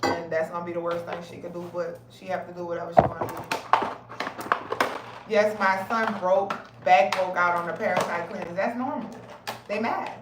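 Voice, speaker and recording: A woman's voice: on the low side, reverberant, distant mic, heavy background noise. A woman ranting bluntly and with lots of swearing in a casual livestream talk. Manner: profane, blunt, animated, talks fast and heated. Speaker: health advocate streamer. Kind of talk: casual live-stream rant.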